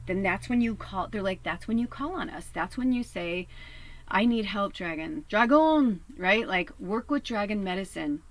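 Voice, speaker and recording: A woman giving a casual spiritual reading from a tiny home RV, chatty and earnest, swearing casually and sometimes dropping to a soft whisper. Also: medium pitch, rough recording. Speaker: spiritual reader. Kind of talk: casual collective tarot reading.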